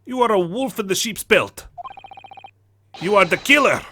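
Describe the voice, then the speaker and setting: A man's voice: sits high, animated, moderate pace, bright, forceful tone, slight background noise, pitched above the performer's own voice, heavily acted. A man voicing a stern, threatening foreign officer in clipped, broken English while reading game dialogue. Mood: accusing.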